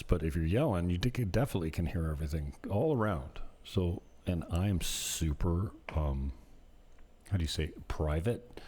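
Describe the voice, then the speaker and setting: Low, dark-voiced man telling stories. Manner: rambling, conversational, laughs while telling stories. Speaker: vlogger and property manager. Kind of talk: casual storytelling to camera.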